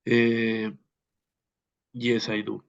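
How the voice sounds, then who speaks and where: A man from Peru whose first language is Spanish, answering as an English student in interview practice and haltingly searching for words. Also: medium pitch, completely flat delivery, creaky, clear, resonant tone, lo-fi sound.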